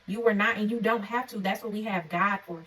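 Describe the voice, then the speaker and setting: A woman giving an encouraging faith-based talk to camera, earnest and preacherly, often checking in with her listeners with a quick "okay?". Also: medium pitch, fairly even intonation, fairly bright tone, distant mic, poor audio. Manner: conversational and informal. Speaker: faith vlogger. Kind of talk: encouraging devotional vlog talk.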